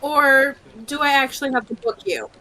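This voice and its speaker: A woman voicing a calm, deadpan female cop in a tabletop role-play. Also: high-pitched, normal speed, poor audio.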